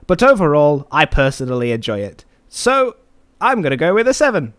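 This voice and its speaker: A man putting on a slow, nasal voice to mimic a young male friend reading out his review, in a put-on British accent that comes across like an American's. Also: a little high, sing-song, fairly bright tone, clear, resonant tone. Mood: mock earnest. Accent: put-on British accent that sounds like an American's. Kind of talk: podcast banter.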